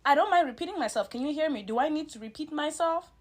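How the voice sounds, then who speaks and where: A woman's voice: high voice, expressive, fast talker. A woman from Cameroon co-hosting a podcast, talking in a sassy, emphatic and mock-indignant way. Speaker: podcast co-host. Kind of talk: casual chat.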